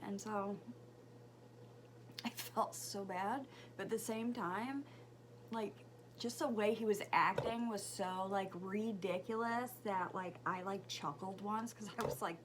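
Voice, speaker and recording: A woman telling a story while doing her makeup, chatty and rambling, with fillers and soft asides. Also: a little high, a little slow, a little hiss or hum. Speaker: beauty vlogger and mother. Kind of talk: casual get-ready-with-me story chat.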